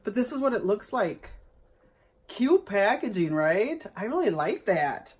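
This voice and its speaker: A woman's voice: medium pitch, big pitch swings, a little slow, slightly rough. A woman vlogger chatting casually to viewers as she unboxes gifts, exclaiming over each item.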